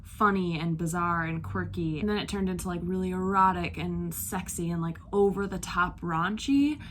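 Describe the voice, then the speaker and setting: A woman's voice: on the low side, moderate pace, a little hiss or hum. Emotional young woman gushing about a book. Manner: gushing, emotional, filler-heavy with frequent "like". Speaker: book vlogger. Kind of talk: casual reading vlog talk. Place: outdoors on a beach.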